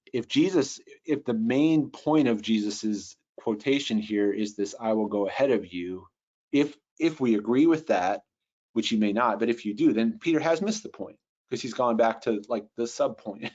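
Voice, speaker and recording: A man teaching Bible translation in a webinar, thinking aloud with fillers and restarts, and reading Greek words slowly. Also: fairly low pitch, darkish tone. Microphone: computer mic on a video call. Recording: dull lo-fi webinar audio.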